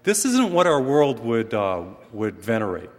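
A middle-aged priest delivers a sermon, his voice swelling on key phrases and easing into jokes. The sound carries a long reverb, as in a big church, and his pitch sits in an ordinary middle range. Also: unhurried. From western Massachusetts. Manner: animated preaching with rising emphasis and humorous asides. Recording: long reverb from a large hall.

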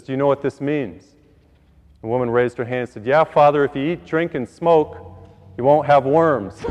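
A man's voice: mid-range voice, darkish tone. A man preaching in a church, telling folksy jokes and stories to his congregation. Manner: folksy storytelling with laughs. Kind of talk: joke-telling sermon. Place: church hall. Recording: dull sound in a reverberant church.

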